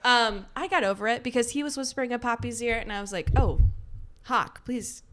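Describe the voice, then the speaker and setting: A chatty, playful woman co-host swapping anecdotes in casual book-review chat. Her voice is bright and forward, with a sharp edge to the tone. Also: fairly high pitch, fast. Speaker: podcast co-host.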